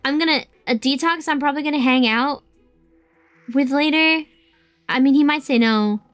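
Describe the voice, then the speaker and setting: A woman's voice: sits high, normal speed, no room sound. A woman streaming a video game, chatting casually with her viewers, joking, swearing and answering their messages. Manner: playful, swears, reads and answers chat. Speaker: VTuber streamer. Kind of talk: casual gaming livestream chat. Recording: dry voice with faint game music.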